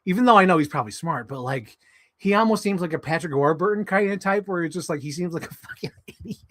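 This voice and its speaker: A man hosting a live stream, chatting casually about toys and podcasts in a profane, animated, rambling way. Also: high-pitched, quick pace.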